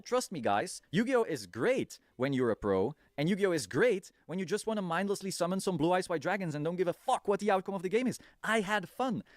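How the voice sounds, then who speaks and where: A man telling a casual vlog story in an animated way, laughing often and swearing freely. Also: sits high, no echo, studio quality. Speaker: video creator.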